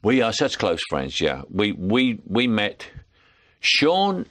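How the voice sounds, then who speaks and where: An older man with a London Cockney accent speaks in a very low voice that still rises and falls a lot. He tells anecdotes as an interview guest, often laughing and slipping into other people's voices. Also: huge pitch swings, slow pace, fairly bright tone. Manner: storytelling, laughing, puts on voices in quotes. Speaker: actor guest.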